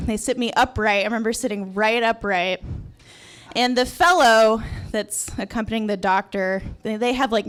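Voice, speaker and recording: A woman's voice: medium pitch, a bit bright. A young adult woman telling a personal story at a live event in a restaurant, candid and wry with a sarcastic edge.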